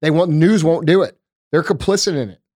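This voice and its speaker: A man's voice: fairly high pitch, brisk, darkish tone. A man hosting a talk show, ranting in an emphatic, profane, frustrated way to the camera. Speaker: podcast host. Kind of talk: heated casual talk.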